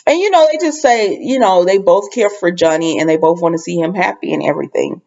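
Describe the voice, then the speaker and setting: A woman's voice: lowish voice, fairly quick, a little mellow, dull audio. A woman casually recapping a soap opera episode, rambling with lots of fillers and asides.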